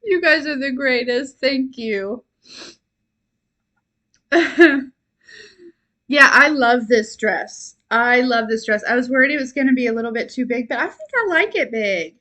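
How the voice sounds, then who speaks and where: A young woman hosting a live stream, chatting warmly and rambling, giggling and at times tearful with gratitude. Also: sits high, lively intonation, unhurried, long pauses. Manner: chatty, rambling with many fillers. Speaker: livestream host and intuitive reader. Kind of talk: casual livestream chat.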